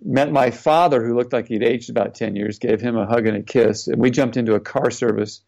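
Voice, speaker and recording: A middle-aged former NFL player, appearing as an interview guest, earnestly and reflectively tells a personal story, retelling quotes along the way. His medium-pitched voice is a little fast and a little mellow, with vocal fry. The audio is lo-fi and slightly dull.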